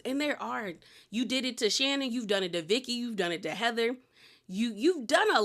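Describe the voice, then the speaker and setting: A woman's voice: on the high side, lively intonation, moderate pace, a bit bright. A young adult woman giving a casual, opinionated recap of a reality show, retelling scenes with quoted lines.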